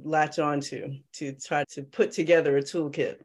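A woman's voice: low-pitched, level tone, normal speed, darkish tone. A woman co-hosting a podcast, asking questions and affirming her guest. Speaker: podcast co-host. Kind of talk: interview conversation.

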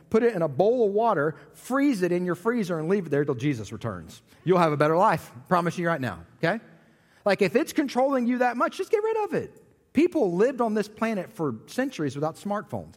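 Lively high-voiced man preaching. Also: in a large hall. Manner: animated storytelling, jokey asides. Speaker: pastor. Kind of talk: sermon.

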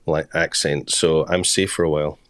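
A Scottish man co-hosts a casual podcast in a very low voice. His humor is wry and dry, and the recording sounds close with no room echo. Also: flat delivery, normal speed, fairly bright tone. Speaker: podcast co-host.

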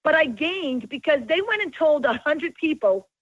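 A woman's voice: high-pitched, normal speed, no echo, lo-fi sound. A woman who owns a restaurant, telling stories in casual chat and acting out the dialogue. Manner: animated storyteller, acts out dialogue. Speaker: restaurant owner.

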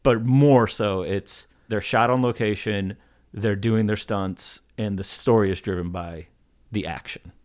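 A man's voice: lowish voice, measured pace, a little mellow. A man talking as a guest on a podcast, rambling, with many restarts and fillers. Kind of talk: casual podcast chat.

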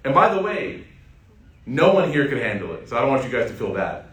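A man preaching, retelling a scripture story in a lively, conversational way to his audience. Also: mid-range voice, a little fast. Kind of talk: sermon storytelling. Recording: echoey room, distant mic.

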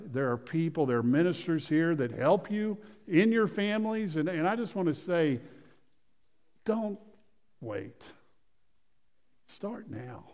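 A man preaching a sermon, swinging from loud emphasis to hushed storytelling, often repeating phrases and restarting sentences. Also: on the high side. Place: church sanctuary. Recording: long reverb of a church hall.

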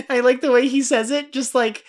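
Animated woman chatting about a film. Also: high voice, moderate pace. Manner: animated, acts out quoted lines, laughs often. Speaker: podcast co-host. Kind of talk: casual film discussion.

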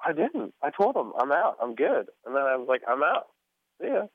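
A podcast guest A man chats casually, retelling stories and playing the other people's lines. His voice sits a bit high. It comes through a narrow, phone-like channel with no room sound. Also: big pitch swings, a little fast, slightly rough, dry recording. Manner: laid-back storyteller, acts out quotes. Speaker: podcast guest, motocross mechanic. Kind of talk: casual chat. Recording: tinny phone-like line.

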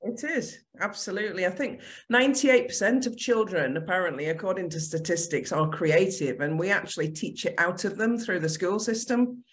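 A woman's voice: lowish voice, expressive, normal speed, hardly any pauses. A woman with a Scottish accent, a creative business consultant speaking as a guest on a podcast, confident and plain-spoken. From Scotland. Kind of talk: podcast interview.

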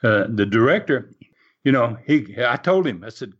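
A man's voice: medium pitch, normal speed, slightly rough. A man, a wrestling promoter and TV producer, telling an anecdote with frequent chuckles and acted-out quotes. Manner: animated, chuckles often, acts out quotes. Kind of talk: storytelling anecdote. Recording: dull lo-fi recording.

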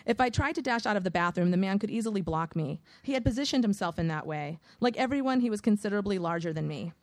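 A woman reading a first-person audiobook in a measured, wry storytelling manner. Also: mid-range voice, lively intonation, a little mellow, no room sound. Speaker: audiobook narrator.

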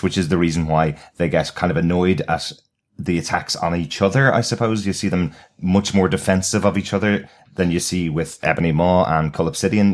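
A man co-hosting a podcast, calmly explaining details in a casual film review chat. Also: deep voice. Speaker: podcast co-host.

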